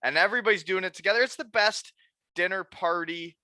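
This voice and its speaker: A man hosting a casual podcast chat, excitable and swearing freely. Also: high voice, brisk, dry recording. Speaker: podcast host.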